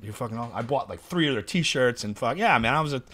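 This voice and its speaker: A man telling animated, profane tour stories in a casual chat. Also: mid-range voice, brisk. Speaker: guest musician.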